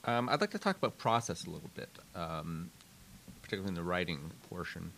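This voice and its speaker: A man from Montreal moderating a live panel, asking measured questions with pauses. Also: sits low, big pitch swings, vocal fry, fairly bright tone, a little hiss or hum. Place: live event with an audience.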